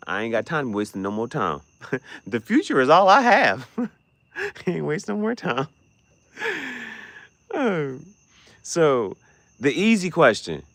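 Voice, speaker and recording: A man giving casual, joking livestream commentary, profane and quick to laugh. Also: mid-range voice, a bit bright, no room sound. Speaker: streamer.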